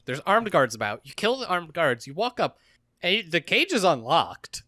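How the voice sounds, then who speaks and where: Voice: medium pitch, big pitch swings, moderate pace, bright, forceful tone, no echo, studio quality. A podcast co-host recapping a game in casual chat, sarcastic and wry.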